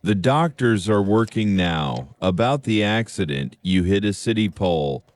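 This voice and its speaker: A man's voice: fairly low pitch, animated, unhurried. A man playing a blunt, stern police officer. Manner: blunt, matter-of-fact. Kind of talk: slow scripted story for learners.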